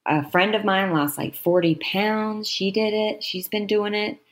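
A woman's voice: medium pitch, steady tone, measured pace. A woman guest on a podcast, chatting in a friendly, encouraging way. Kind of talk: casual chat.

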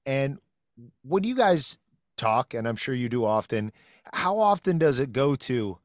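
A man's voice: medium pitch, very animated, measured pace, no echo, clean studio sound. Man host with playful long questions. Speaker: podcast co-host. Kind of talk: casual interview chat.

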